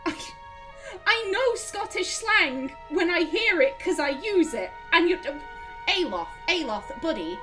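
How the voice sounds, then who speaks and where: Animated high-voiced woman gaming host. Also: slow, over music. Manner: animated, chatty, reads dialogue aloud. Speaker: let's play host. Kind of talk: casual gameplay commentary.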